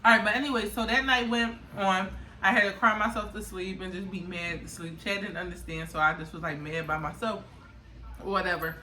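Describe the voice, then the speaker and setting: Young woman vlogger, bright and lively, roomy echo, a little off mic. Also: medium pitch, brisk, a little hiss or hum. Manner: animated, laughs often, loud acted outbursts. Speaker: vlogger telling her birth story. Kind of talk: casual storytime chat. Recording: echoey room, mic a bit far.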